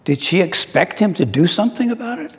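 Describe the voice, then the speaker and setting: A middle-aged man preaching a sermon, slow and reflective, asking his listeners questions. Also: high voice, animated. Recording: long reverb in a large hall.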